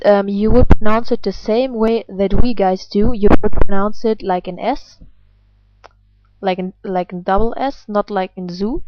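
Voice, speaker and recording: A woman's voice: mid-range voice, dull audio. German woman teaching pronunciation. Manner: patient, slow and exaggerated when modelling words. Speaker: language teacher. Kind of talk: video lesson explaining pronunciation.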